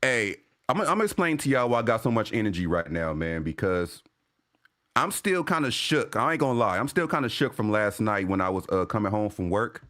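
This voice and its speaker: A man hosting a casual sports fan livestream, talking in loose, profane slang and shouting out viewers. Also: lowish voice, very animated, brisk. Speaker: sports fan show host.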